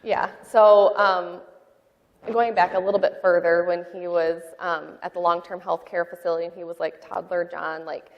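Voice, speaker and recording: A woman sharing a personal testimony in a church interview, talking in a halting, heartfelt way with many fillers. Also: lowish voice, little pitch movement, big-room sound, lo-fi sound. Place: church sanctuary.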